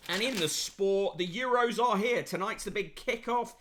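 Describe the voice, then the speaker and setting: A man's voice: high voice, normal speed, background noise. A man hosting a podcast and giving a sardonic, casual running review of newspapers, with plenty of fillers.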